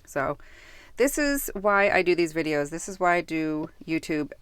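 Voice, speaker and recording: Woman, low voice, dry close sound, casual rambling review, self-interrupting. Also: very animated, measured pace, clear, resonant tone, no echo. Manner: musing, self-interrupting, easily sidetracked. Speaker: tarot deck reviewer.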